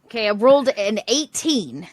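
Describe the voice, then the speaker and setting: A woman playing in a tabletop game, talking casually, with energetic and chatty speech. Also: on the high side, normal speed, no echo. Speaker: player.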